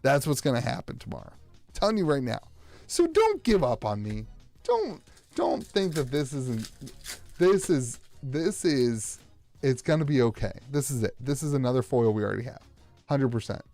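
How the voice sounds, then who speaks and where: A man's voice: mid-range voice, very animated, moderate pace, creaky, a little mellow, dry recording, faint music behind. An American man streaming live as he opens card packs, rambling with sarcastic, self-mocking banter.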